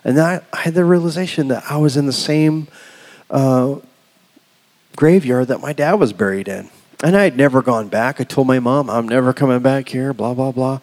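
A middle-aged man preaching a sermon as pastor, telling a personal story with emotion, swinging from loud to hushed. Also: medium pitch, normal speed. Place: church sanctuary. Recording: long hall reverb.

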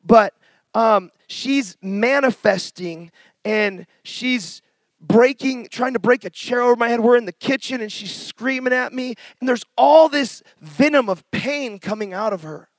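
A middle-aged man preaching a testimony sermon, telling his story with passion and bursts of shouting, then reading scripture slowly and softly. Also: very high-pitched, no room sound.

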